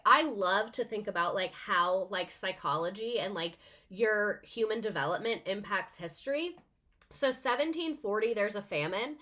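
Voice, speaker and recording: A woman's voice: mid-range voice, bright, forceful tone. A young adult woman, a teacher, reading a text aloud in a casual way and breaking off for chatty, sarcastic comments with plenty of swearing.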